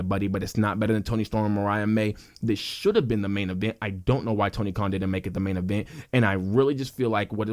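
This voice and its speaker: Young guy, lowish voice, worked up ranting about wrestling, keeps restarting his sentences. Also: darkish tone. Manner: heated, emphatic, stumbles and restarts often. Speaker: wrestling commentator youtuber. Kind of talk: passionate opinion rant.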